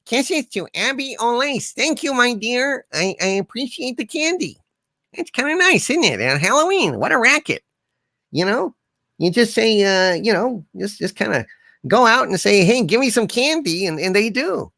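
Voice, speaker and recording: A man puts on a high, gravelly sidekick who is giddy about candy. The voice swoops up and down in pitch. The sound is dry and close. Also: very animated, moderate pace, pushed and bright, dry recording, exaggerated voice. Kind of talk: live-stream banter.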